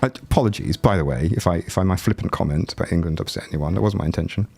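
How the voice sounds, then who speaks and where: A man with a fairly low voice made rattly by a chest cold talks into a desk mic at home. He rambles and jokes with his livestream audience in a relaxed, chatty way. Faint music plays quietly behind him. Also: very fast, gravelly, husky. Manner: rambling, joking, chats with viewers. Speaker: livestreaming YouTuber. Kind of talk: casual livestream chat. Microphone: desk mic, no headphones.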